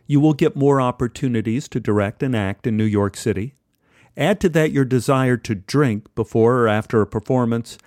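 A man telling a personal story as a podcast host, with measured, wry narration. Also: mid-range voice, darkish tone, no room sound, studio quality.

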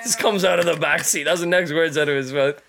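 A young man telling a story in casual chat, animated and laughing, with lots of slang. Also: fairly high pitch, fast, creaky, a crowd in the background.

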